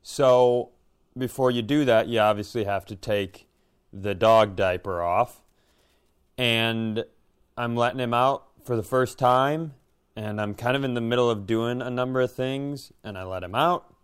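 A man's voice: mid-range voice, a little slow, smooth. A middle-aged man co-hosting a podcast, telling a long rambling story in casual chat and swearing freely. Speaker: podcast co-host.

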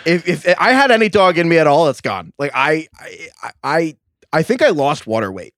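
Animated excitable male podcast co-host. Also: a little high, normal speed, no room sound, studio quality. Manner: excitable, laughs often, stumbles over words. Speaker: fantasy football podcast co-host. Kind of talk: casual chat.

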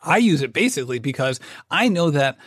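A man hosting a podcast, chatty, often pausing to search for his words. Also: on the high side, big pitch swings, a bit bright, husky, no room sound, studio quality. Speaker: podcast host. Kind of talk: casual interview questions and ad reads.

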